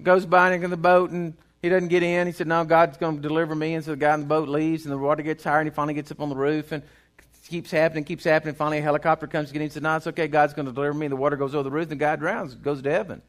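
A preacher with a high voice delivers a sermon. He moves from loud, driving bursts to quiet, hushed lines, keeping the congregation with him. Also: little pitch movement, racing. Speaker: pastor.

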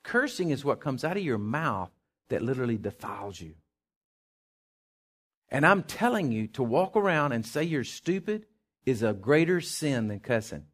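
A male pastor preaching a sermon, swinging from hushed asides to loud, fervent declarations. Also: mid-range voice, sing-song, moderate pace.

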